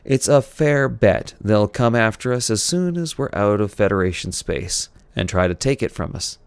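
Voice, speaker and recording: A man's voice: fairly low pitch, lively intonation, moderate pace, clean tone, dry recording. A man reading a novel aloud, voicing a commanding starship captain in a raised, firm delivery. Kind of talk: audiobook character reading.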